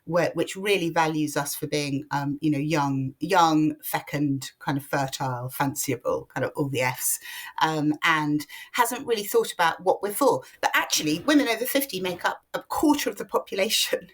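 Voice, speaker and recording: Female journalist, fifties, low-pitched, articulate and emphatic in interview. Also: moderate pace. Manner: articulate, emphatic, lists ideas in runs. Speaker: guest, journalist and author. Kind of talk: podcast interview.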